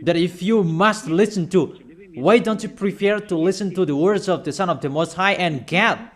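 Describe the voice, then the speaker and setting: A man with a fairly high voice delivers a sermon, hammering his points home and repeating them. His English is halting, with fillers and non-native phrasing, and he keeps turning questions on his listeners. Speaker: preacher.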